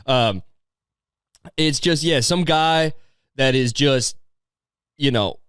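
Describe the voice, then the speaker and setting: A man rambles through sardonic, profanity-laced commentary as he watches a video. His voice sits at a middle pitch and sounds dry and close, with no room echo. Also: slow pace, a bit bright, clear, resonant tone. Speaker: podcast host.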